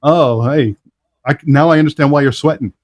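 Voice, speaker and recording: A man's voice: fairly high pitch, normal speed, a little mellow. Chatty upbeat male show host. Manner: upbeat, chatty, laughs often. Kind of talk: casual live show hosting.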